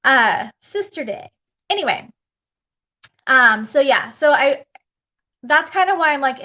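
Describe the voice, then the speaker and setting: A woman's voice: sits high, lively intonation, measured pace, long pauses, pushed and bright. Chatty woman on a dull live stream. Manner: chatty, rambling, laughs often. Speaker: spiritual coach. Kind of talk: casual live stream chat.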